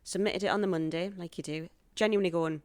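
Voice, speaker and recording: A woman in her thirties, a guest spinning animated stories about her own life in an interview. Her voice sits a little low, and she keeps bursting into lively acted-out quotes. The recording is close and dry. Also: fast, no echo. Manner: animated storyteller acting out quoted dialogue. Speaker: guest, actress and stand-up comic. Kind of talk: podcast interview storytelling.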